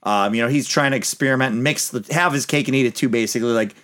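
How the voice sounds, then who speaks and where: A man's voice: medium pitch, quick pace, fairly bright tone. A man hosting a casual movie podcast, recapping the plot in a rambling, opinionated way.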